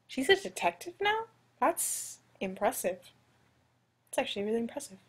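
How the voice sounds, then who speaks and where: A woman giving casual, chatty commentary on a video game she is playing, excitable and self-deprecating. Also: a little high, normal speed, long pauses, slightly rough. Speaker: let's play commentator.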